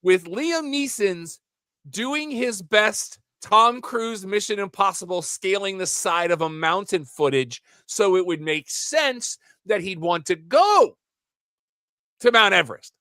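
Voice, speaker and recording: A man co-hosts a casual podcast and works through movie plots in a rambling, animated way. His pitch swings widely as he talks. The sound is dry and close, with no room around it. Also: slow, no echo. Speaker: podcast co-host.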